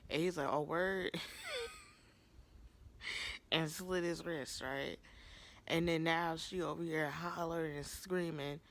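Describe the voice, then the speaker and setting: A young woman recapping a TV episode in a casual vlog, gossipy and animated, laughing often and acting out quotes in sudden high voices. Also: slow, long pauses. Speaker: TV episode reviewer.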